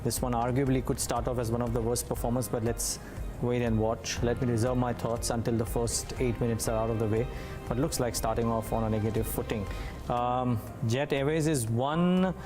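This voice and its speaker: A man's voice: medium pitch, fairly even intonation, moderate pace. A man with an Indian English accent anchoring live business news, thinking aloud as he checks market rates. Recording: music bed under studio voice.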